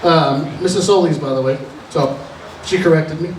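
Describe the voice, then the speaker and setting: Young man, stand-up comic, fairly high voice, nervous, rambling self-deprecating stories, echoey room, mic heard from far off. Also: moderate pace, a little hiss or hum. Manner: self-deprecating, chatty storytelling with many restarts. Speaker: opening comedian. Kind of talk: stand-up comedy set. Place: comedy show venue, live audience. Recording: echoey live room recorded from afar.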